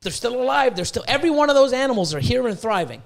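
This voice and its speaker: A man's voice: very high-pitched, big pitch swings, fast talker, gravelly. A man hosting a podcast, ranting in a rambling, profane way and stumbling over repeated words. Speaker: podcast host, reptile breeder. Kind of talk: casual podcast rant.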